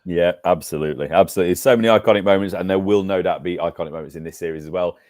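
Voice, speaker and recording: A man's voice: low voice, very fast, a little mellow, no room sound, clean studio sound. A man from England co-hosting a cricket podcast, telling stories with enthusiasm in casual chat. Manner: enthusiastic storytelling. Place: New Zealand.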